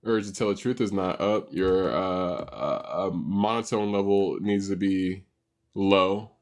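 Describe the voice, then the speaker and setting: A man's voice: deep voice, a little slow. A man hosting a live stream, chatting loosely with slang and frequent laughter while talking to an AI voice. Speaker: livestream host. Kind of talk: casual live stream chat.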